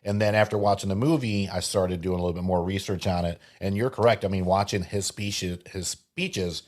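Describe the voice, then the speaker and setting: Deep-voiced man in casual podcast chat. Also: a little fast. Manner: relaxed, laughs often, loose with swearing. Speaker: podcast co-host.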